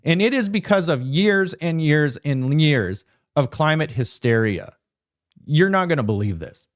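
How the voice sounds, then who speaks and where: A man's voice: fairly high pitch, animated, measured pace. A man hosting political commentary, talking emphatically in a ranting, sarcastic way. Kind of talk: opinionated news commentary.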